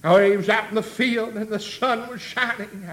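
A man preaching a sermon, building rhythmically into shouts with many amens and a habitual "uh" before phrases. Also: high voice, steady tone, moderate pace.

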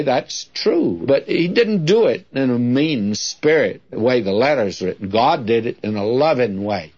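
Older guy preaching on old radio, slow and folksy, voice rises and falls a lot, muffled lo-fi sound. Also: medium pitch, slightly rough. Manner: earnest, homespun, drawn-out delivery. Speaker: radio Bible teacher. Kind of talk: folksy radio Bible teaching. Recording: dull lo-fi old radio recording.

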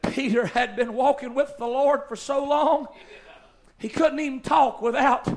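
A man preaching a sermon. He moves between folksy storytelling and impassioned, shouted exhortation. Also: extremely high pitch, steady tone, measured pace.

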